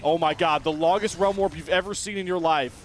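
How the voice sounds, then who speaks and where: High-voiced man calling an esports match. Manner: excitable, quick shifts in energy. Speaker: esports caster. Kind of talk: play-by-play commentary.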